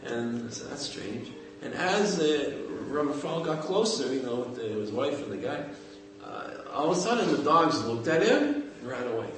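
A man telling a story in a halting, conversational way, often restarting his phrases. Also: medium pitch, sing-song, fairly bright tone. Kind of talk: informal oral storytelling. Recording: echoey room, mic far off, faint background noise.

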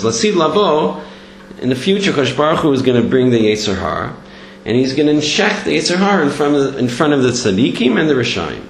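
This Torah lesson comes from a man with a gravelly, medium-pitched voice. He tells stories with animation, voicing the people in them, while a faint hum sounds through the echoey room.

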